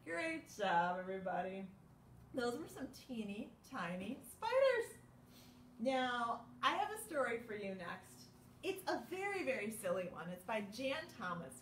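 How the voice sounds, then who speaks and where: A woman hosting a children's storytime, reading a picture book aloud in an animated, sing-song way with playful gasps. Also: fairly high pitch, recorded from a distance. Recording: echoey room with faint background noise.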